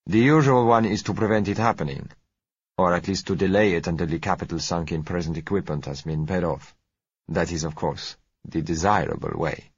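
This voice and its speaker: A sleek, suave foreign dealer in a storybook reading, polite and unhurried, as a male reader puts him on. His voice sits very low with a husky edge. The recording is dry and a little dull. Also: no echo. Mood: smooth, polite.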